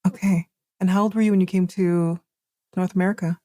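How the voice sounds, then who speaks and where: A woman's voice: on the low side, steady tone, brisk, mellow, no room sound, clean studio sound. A woman hosting a podcast interview, asking curious questions and affirming her guest. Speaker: podcast host.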